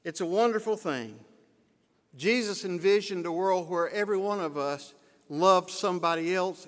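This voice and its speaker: A man, a pastor, preaching a sermon in a church, telling a story in an earnest way. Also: high voice. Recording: long church-hall reverb.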